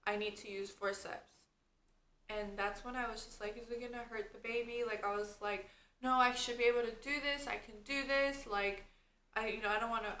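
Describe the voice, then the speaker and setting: A woman's voice: medium pitch, sharp tone. A young woman vlogger telling a story in casual chat, saying "like" and "you guys" constantly. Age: young adult. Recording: echoey room with faint background noise.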